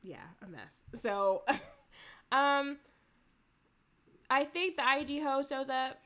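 A woman with a bright, fairly high voice chats loosely as a co-host. She recaps a show with a lot of laughing, swearing and acted-out lines. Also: slow pace. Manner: animated, laughing, profane storytelling. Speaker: podcast co-host. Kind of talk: casual recap chat.

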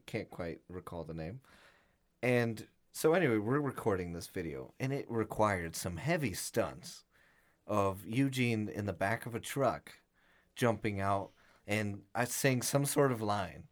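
A young man co-hosting a podcast, casually telling a funny story, acting out the voices of friends and laughing along. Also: lowish voice. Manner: animated storyteller, acts out quotes, laughs often. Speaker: podcast co-host.

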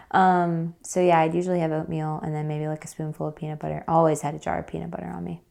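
A woman's voice: low-pitched, flat delivery, brisk, creaky, darkish tone. A woman as an interview guest, telling a story in a casual, chatty way with many fillers.

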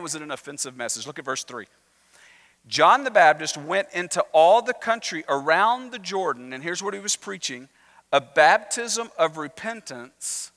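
A man's voice: fairly high pitch, sharp tone, long reverb tail. A man preaching a sermon as pastor in a church, talking conversationally and drawing the congregation in with questions. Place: church sanctuary.

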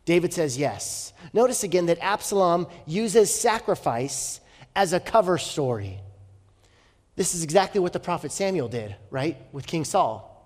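A male pastor preaching a sermon, telling a story with rhetorical questions and dropping from loud to hushed. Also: on the high side, big pitch swings, unhurried. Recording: long hall reverb.

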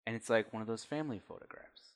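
A man's voice: fairly low pitch, racing, smooth. A man narrating as game master of a tabletop role-playing game, telling the scene in a loose, conversational way.

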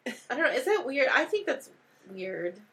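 A woman's voice: high voice, big pitch swings, moderate pace, a bit bright. A young woman co-hosting a podcast, chatting casually about a movie with wry asides and frequent giggles. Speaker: podcast co-host. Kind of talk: casual chat while watching a movie.

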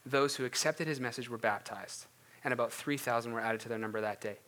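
Man, pastor, casual sermon and prayer, earnest, chatty, bright clear tone. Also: medium pitch, a little fast. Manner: earnest, conversational, many fillers and restarts.

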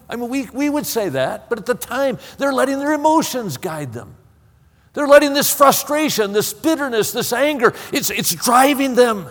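A man's voice: very high voice, big pitch swings, moderate pace, a bit bright. A man preaching a sermon in an impassioned way, often stammering and repeating words. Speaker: pastor. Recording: long hall reverb.

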